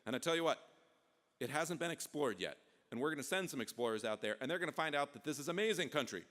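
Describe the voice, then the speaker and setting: A man's voice: a little high, animated, fast, a bit bright. A man voicing a confident, proud President Thomas Jefferson who speaks in a firm, reassuring way. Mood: assured. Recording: long hall reverb.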